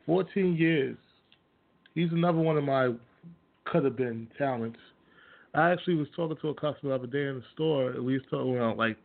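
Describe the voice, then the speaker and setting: A man hosting his own radio show, ranting casually and bluntly about sports with plenty of profanity and scornful laughs. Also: medium pitch. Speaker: host. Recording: tinny phone-like audio.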